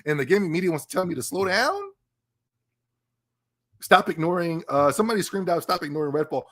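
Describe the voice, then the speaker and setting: A man hosting a casual livestream podcast, excitable and stammering, talking to his live chat. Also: fairly high pitch, fairly quick. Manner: animated, excitable, repeats and stammers. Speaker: podcast host.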